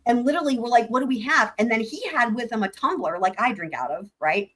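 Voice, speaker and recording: A woman's voice: on the high side, fast talker, a bit bright. A woman hosting a casual livestream, chatting to her viewers as she tells a story, swearing freely and reading out chat comments. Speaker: livestream host.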